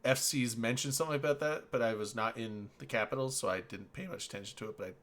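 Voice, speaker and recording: A man's voice: mid-range voice, fast, fairly bright tone. A man hosting a casual gaming chat, hesitant and thinking aloud with frequent fillers.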